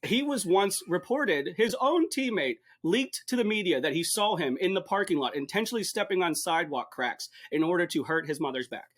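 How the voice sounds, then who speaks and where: Podcast co-host, young man, a little higher-pitched, sarcastic and deadpan. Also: fairly quick, hardly any pauses. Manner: sarcastic, joking, deadpan rants. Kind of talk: casual chat.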